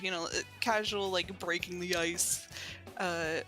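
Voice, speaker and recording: A woman's voice: fairly low pitch, level tone, normal speed, bright, forceful tone, poor audio. A woman co-streaming, telling stories in a laid-back, giggly way with lots of filler words. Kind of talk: casual gaming chat. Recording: game music behind.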